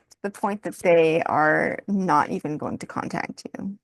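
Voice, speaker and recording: A woman's voice: on the low side, moderate pace, creaky, hardly any pauses, no echo. A woman doing a casual tarot card reading, thinking aloud, often breaking into laughter and apologizing. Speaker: tarot reader.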